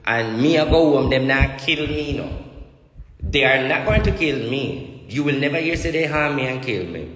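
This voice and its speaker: A man's voice: mid-range voice, lively intonation, normal speed, a bit bright, a little hiss or hum. Jamaican man ranting in an echoey room. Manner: preachy, repetitive, declamatory. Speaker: self-styled spiritual prophet. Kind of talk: ranting monologue to viewers. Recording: echoey room with long reverb.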